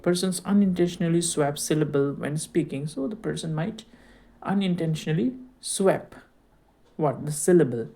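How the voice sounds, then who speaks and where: Guy lecturing, mellow voice, keeps asking right? all the time, faint guitar in the back. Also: a little high, creaky. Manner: explains slowly, keeps asking "right?" and rhetorical questions. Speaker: teacher. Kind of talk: recorded lecture.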